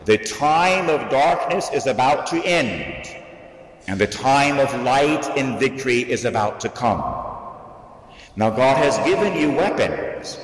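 A man preaching as a priest, slow and dramatic, his voice swinging up and down in pitch. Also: very animated, a little hiss or hum. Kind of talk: sermon. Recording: echoey hall, voice from the mic at a distance.

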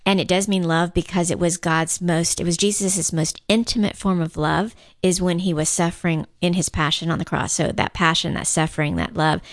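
A woman's voice: on the low side, steady tone, normal speed, hardly any pauses, dry recording, studio quality. A woman co-hosting a talk show, speaking reflectively and laughing easily. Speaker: co-host. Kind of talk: casual radio chat.

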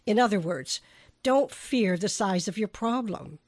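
Woman host, devotional teaching; earnest, measured emphasis, mid voice, dry booth. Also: medium pitch, animated, darkish tone, no room sound. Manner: earnest, slowing to stress key phrases. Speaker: podcast host.

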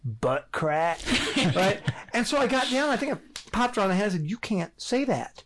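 A middle-aged man and father of five on a casual faith podcast, telling stories with frequent laughter and animated retellings. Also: very high voice, brisk. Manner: animated storyteller, laughs often. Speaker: podcast co-host.

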